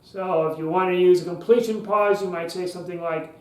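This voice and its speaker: Guy teaching speech tips on his podcast, pretty high voice, stretches words to make a point, roomy sound. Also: fairly even intonation, brisk. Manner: clear, instructive, stretches words for emphasis. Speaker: public speaking coach.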